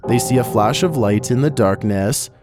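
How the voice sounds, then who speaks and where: A man giving scripted narration for a horror countdown video, with measured, wry commentary. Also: mid-range voice. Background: background music.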